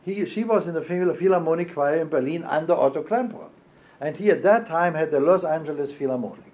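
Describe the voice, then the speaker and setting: An older man recalling his past in an oral history interview, speaking haltingly with fillers and self-corrections. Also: on the high side. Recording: dull lo-fi archival tape.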